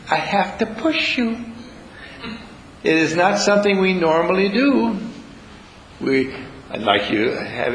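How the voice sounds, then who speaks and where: A man's voice: fairly high pitch, reverberant, a little hiss or hum, poor audio. A man leading a spiritual retreat, talking live to a room audience in a playful, teasing way. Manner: playful, teasing, acts out little scenes with voices.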